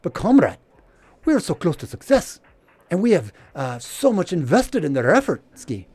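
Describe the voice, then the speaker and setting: A man's voice: a little high, sing-song, normal speed, a little mellow, husky, dry recording, pitched above the performer's own voice. A man voicing a pleading male Soviet space official with a mock Russian accent in a comic skit. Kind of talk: comic skit within commentary.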